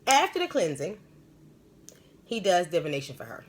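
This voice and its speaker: A woman's voice: fairly low pitch, wildly swooping pitch, normal speed. A woman hosting a live stream as a spiritual medium, telling stories and giving advice in a rambling, emphatic, slangy way.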